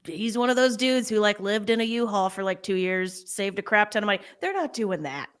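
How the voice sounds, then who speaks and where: A woman's voice: medium pitch, brisk, smooth. A woman from Alabama co-hosting a casual chat, talking in a chatty, emphatic way. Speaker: co-host.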